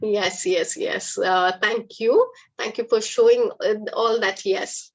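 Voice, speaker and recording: A mid-range voice with fairly even intonation takes things slowly. The woman, an English teacher, gives a patient, encouraging live lesson online, though the audio is poor.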